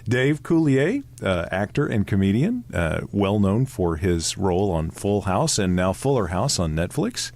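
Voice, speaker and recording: A man hosting a radio interview, relaxed and wry with his guest. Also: on the low side, a little slow, few pauses, no room sound. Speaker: radio host. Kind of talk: broadcast interview. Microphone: studio broadcast mic.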